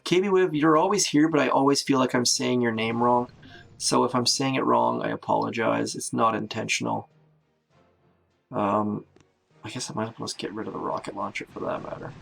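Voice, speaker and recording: A man with a heavily gravelly, creaky voice talks through a live game stream at an ordinary middle pitch. He counts off moves, thinks aloud and greets chat viewers by name. His tone is chatty and self-narrating. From Canada. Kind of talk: live gameplay commentary.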